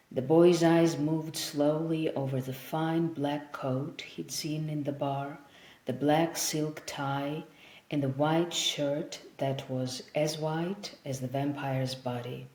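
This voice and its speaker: Slow, low-voiced woman reading a story. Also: steady tone, mellow. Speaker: audiobook narrator. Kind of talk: scripted narration. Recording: roomy echo.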